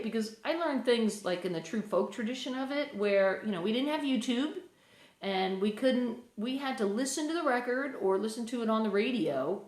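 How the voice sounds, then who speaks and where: An American woman with an accent drifting toward English, a musician chatting casually and rambling to viewers on a phone livestream from a room in a house. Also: mid-range voice. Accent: American, partly English. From United States. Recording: echoey room.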